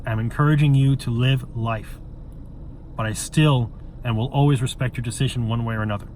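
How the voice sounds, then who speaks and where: A man's voice: mid-range voice, steady tone, a little fast, a little mellow, slight background noise. A man in an emotional monologue straight to camera, earnest and pleading, stumbling and repeating words and swearing bluntly. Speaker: vlogger.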